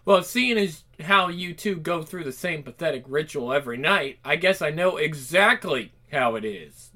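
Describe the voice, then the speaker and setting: A man's voice: on the high side, lively intonation, moderate pace, pushed and bright. A man reading a comic aloud, voicing a rebellious, sarcastic young woman who talks in dry, mocking wisecracks.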